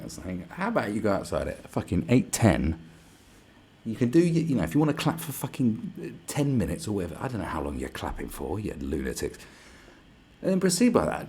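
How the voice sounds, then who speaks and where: A man's voice: fairly low pitch, wildly swooping pitch, brisk, darkish tone, husky. A man hosting a livestream, ranting sarcastically with lots of swearing. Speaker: livestream host. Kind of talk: livestream rant.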